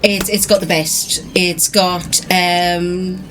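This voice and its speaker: A woman's voice: on the low side, little pitch movement, slow, fairly bright tone, low-quality recording. Chatty woman over background music. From England. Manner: chatty, enthusiastic. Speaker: streamer. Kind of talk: casual chat.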